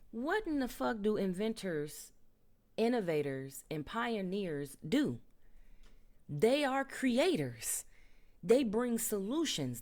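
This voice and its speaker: A woman's voice: medium pitch, darkish tone. A woman vlogger giving an unscripted spiritual monologue at home, emphatic and profane, often dropping into whispers. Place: home with a TV nearby.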